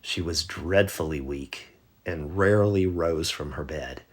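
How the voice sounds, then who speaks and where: A man reads a bedtime story aloud, gentle and measured. His voice sits very low and moves slowly, with a husky, breathy grain.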